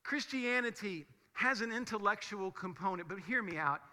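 A man's voice: sits high, animated, normal speed, bright, forceful tone. A male pastor with a raised, ringing voice preaches to his congregation. He talks conversationally but presses his points with rhetorical questions. His words carry the long echo of a large church sanctuary. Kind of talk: sermon. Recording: long hall reverb of a church.

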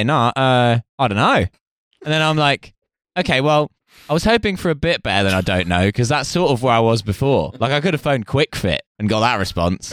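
A man's voice: on the low side, fairly bright tone, clean tone, no room sound, clean studio sound. A man from the UK, co-hosting a comedy chat, telling an exasperated anecdote with swearing and quoted voices. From United Kingdom. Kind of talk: casual comedic storytelling.

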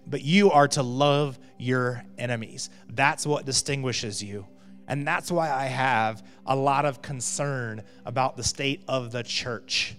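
A man's voice: mid-range voice, fairly bright tone. A male pastor giving a sermon in a conversational way, often checking in with "right?" and building to emphatic peaks. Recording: long reverb of a hall with faint music.

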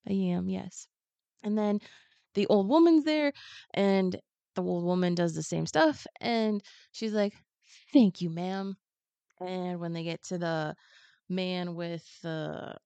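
A woman guest on a podcast, chatting casually and retelling a story in an animated, joking way. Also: on the low side, gravelly, no echo, dull audio.

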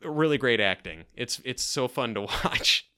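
A man chatting casually as a podcast co-host, recapping a sitcom with animated acting-out of lines and frequent restarts. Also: a little slow, smooth. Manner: animated, acts out quoted lines with big pitch jumps; frequent restarts and repeated words.

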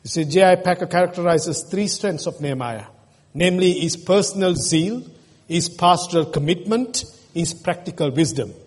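A man's voice: high-pitched, moderate pace, breathy edge. A man preaching a sermon as pastor, earnest and emotional, asking his congregation questions. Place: church. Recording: long reverb in a church hall.

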